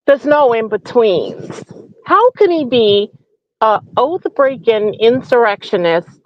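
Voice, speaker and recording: Woman host, comedic rant; sneering, profane, slow delivery, dull lo-fi sound. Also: fairly high pitch, big pitch swings, dry recording. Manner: mocking, profane, full of rhetorical questions. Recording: dull lo-fi recording.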